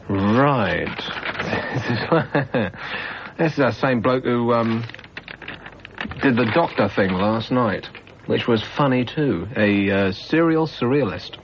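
A man hosting a late-night radio phone-in with sarcastic, quick-witted banter. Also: medium pitch, animated, slight background noise. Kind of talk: casual chat. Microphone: studio microphone. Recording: dull, muffled radio broadcast.

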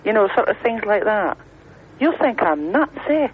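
A woman's voice: mid-range voice, big pitch swings, normal speed, background noise. A woman from Edinburgh with a Scottish accent calling a radio phone-in, chatty and pleading, over a telephone line. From Scotland. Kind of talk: phone-in call.

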